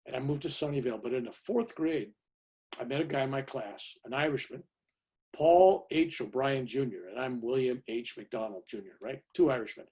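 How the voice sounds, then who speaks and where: This guest speaker, a 70-something man from California, chats through a personal story for his listeners, repeatedly tacking on "right?" and "you know". He has an expressive mid-range voice with a warm, slightly breathy tone, at a moderate pace.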